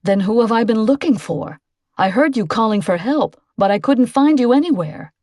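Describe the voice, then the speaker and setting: A woman's voice: fairly high pitch, expressive, normal speed, a little mellow, no echo, clean studio sound. Woman reading a solemn guarded teen boy.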